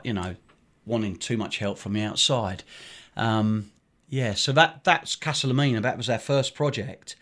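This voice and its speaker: A man's voice: lowish voice, a bit bright. A middle-aged man, a charity director, telling a story in an interview in a rambling way with many fillers and restarts. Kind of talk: conversational storytelling.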